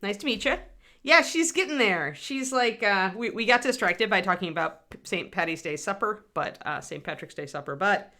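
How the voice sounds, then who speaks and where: Middle-aged woman, bright voice, rambling livestream host who chats with viewers. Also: medium pitch, animated, moderate pace. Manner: chatty, rambling, answers chat. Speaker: livestream host painting miniatures. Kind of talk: casual livestream chat.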